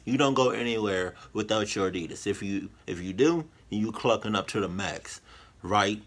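A man hosting a reaction video, reacting in casual commentary with loud, animated exclamations and slang. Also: fairly low pitch, normal speed.

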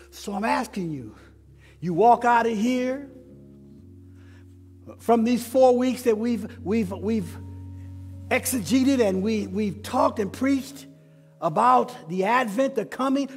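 A male pastor delivers a sermon, his high voice unhurried and drawn out. He builds in waves of repeated questions. The sanctuary rings with long reverb over soft instrumental music. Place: church sanctuary.

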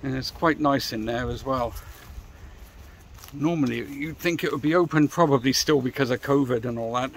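Outside by a church and graveyard, a middle-aged motorcycle vlogger walks and chats casually to camera, rambling and talking directly to viewers. He speaks at normal speed and medium pitch, with a little hiss or hum underneath.

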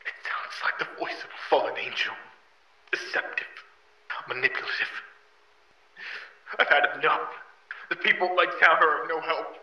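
An actor playing a haunted, paranoid older man tormented by a voice, often dropping into hushed whispers. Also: a little high, normal speed, pauses often. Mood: despairing. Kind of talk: analog horror audio drama. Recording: echoey room.

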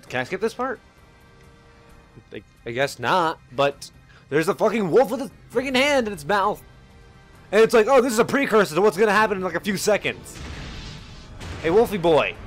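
A young man commentating his own game playthrough, excitable, swearing and yelling at enemies. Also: a little high. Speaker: Let's Play commentator. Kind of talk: gameplay commentary.

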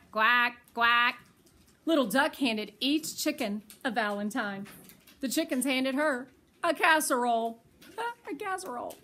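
An older woman, a grandmother, reading a children's picture book aloud in a tender, expressive way. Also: on the high side. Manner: tender, slow and expressive storytelling.

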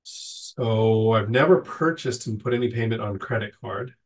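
A man's voice: lowish voice, moderate pace, distant mic. A man hosting a casual livestream Q&A, slightly nasal from getting over a cold, reading viewer questions and answering them at length in a plain-spoken way.

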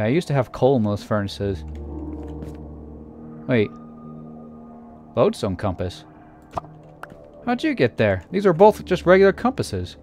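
A man narrating a scary game playthrough in a theatrical way, dropping to a hush and then shouting in panic. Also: medium pitch. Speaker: let's player. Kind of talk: acted creepypasta gameplay narration.

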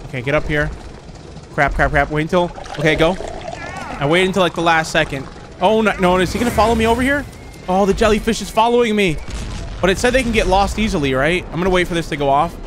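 A man commentating a horror game, jumpy and excitable, with quick exclamations and frequent laughs. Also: high voice, background noise. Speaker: gaming commentator.

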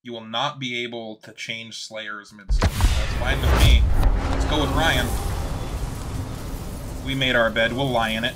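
A young man narrating his gameplay in an excited, casual way, joking and swearing, with game music playing behind him. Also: medium pitch, unhurried, pauses often, noisy background. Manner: hyped, swears a lot, jokes at the game. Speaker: gaming video creator. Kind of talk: excited let's-play commentary. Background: game music and sound effects.

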